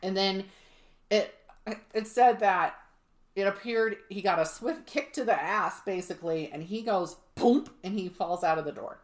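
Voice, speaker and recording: A woman's voice: medium pitch, normal speed. A woman co-hosting a podcast, telling a spooky history story in a sarcastic, swearing, laughing casual chat. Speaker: podcast co-host. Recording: roomy echo.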